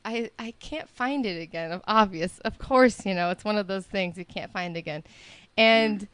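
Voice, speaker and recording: A woman in her thirties co-hosting a podcast, excitable and gossipy, swearing casually in chat. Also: mid-range voice, moderate pace, clean tone, no room sound. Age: 30s. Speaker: podcast co-host.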